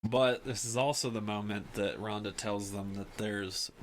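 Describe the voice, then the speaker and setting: A man hosting a casual podcast, rambling along as he recaps with plenty of fillers. His voice sits on the low side. A faint noise runs underneath. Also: steady tone, a little slow, low-quality recording. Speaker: podcast host. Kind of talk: casual chat.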